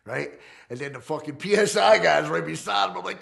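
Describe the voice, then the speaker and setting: A man's voice: lively intonation, brisk, gravelly. A middle-aged man in a documentary interview, telling his own story bluntly, full of profanity, and acting out heated confrontations. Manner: profane, blunt, re-enacts heated confrontations with swings in pitch and loudness. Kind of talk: unfiltered storytelling in a fireside chat.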